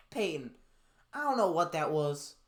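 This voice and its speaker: A man giving casual sports predictions in a profane, sarcastic rant, swinging from fired-up outbursts to glum muttering. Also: fairly high pitch. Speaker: NFL picks YouTuber.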